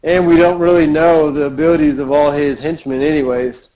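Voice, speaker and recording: A laid-back man with a somewhat high voice, chatting easily as a podcast co-host. His voice comes through dull and lo-fi, as on a cheap home recording. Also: little pitch movement, a little fast, dark tone. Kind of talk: casual chat.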